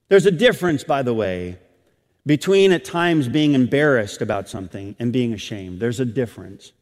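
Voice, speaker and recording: A middle-aged male pastor delivers a sermon at an ordinary mid pitch, climbing into emphatic, raised lines and then dropping to near-hushed asides. His voice rings out with a long reverb tail, as in a church sanctuary. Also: sing-song, normal speed. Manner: preaching with rising, emphatic bursts and hushed asides.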